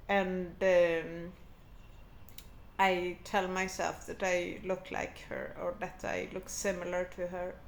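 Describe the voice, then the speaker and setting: A woman's voice: mid-range voice, a little hiss or hum. A woman delivering a satirical character monologue in a mock-serious, sarcastic rambling manner. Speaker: comedic vlogger.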